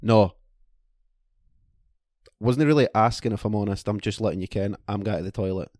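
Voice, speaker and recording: A man's voice: on the low side, normal speed, a little mellow, no room sound, clean studio sound. A man with a Scottish accent telling a rambling, profane anecdote in casual chat with friends.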